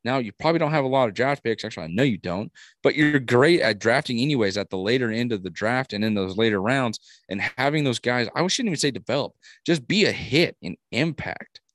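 A man co-hosting a casual sports podcast, talking in a brash, animated way and swearing freely. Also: mid-range voice, brisk, no echo, clean studio sound. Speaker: podcast co-host.

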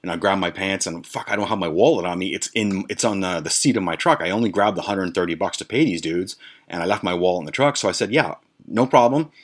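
A man's voice: low-pitched, fast talker. A man hosting a podcast, telling a rambling, profane story with lots of fillers and restarts. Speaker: podcast host. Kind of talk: casual storytelling rant.

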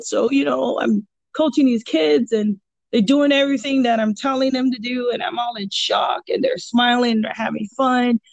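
Chatty, gravelly-voiced woman telling stories. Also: fairly high pitch, no echo, muffled recording. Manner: rambling, animated, many fillers and restarts. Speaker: jiu-jitsu purple belt and kids' coach. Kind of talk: casual podcast chat, storytelling.

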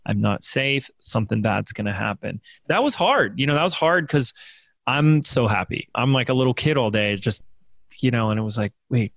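A man's voice: mid-range voice, lively intonation, moderate pace, creaky, fairly bright tone, no echo. A man hosting a podcast, reflecting casually alongside his wife. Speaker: podcast host.

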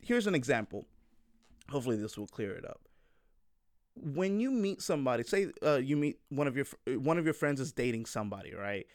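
A man's voice: medium pitch, sing-song, fairly quick, darkish tone, dry recording, clean studio sound. A man in his twenties talking casually to his viewers, rambling and frank, full of fillers and restarts. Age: 20s.

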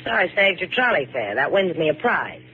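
A woman's voice: fairly low pitch, big pitch swings, fairly quick. A woman playing a fearless, wry adventurer who answers danger with dry sarcasm, in 1950s radio drama. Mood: wry defiance. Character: sassy, fearless female adventurer. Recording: scratchy old radio broadcast, narrow band.

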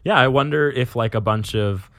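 A man's voice: medium pitch, moderate pace, a bit bright, no room sound, studio quality. A man co-hosting a podcast in casual chat, enthusiastic and talkative, stretching words for emphasis. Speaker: podcast co-host.

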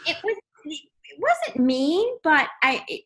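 A woman's voice: high-pitched, big pitch swings, takes it slowly, a bit bright, low-quality recording. A woman, a parent of young athletes, reminiscing in a casual chat and often repeating words as she starts a sentence. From Texas. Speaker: parent of water polo players.

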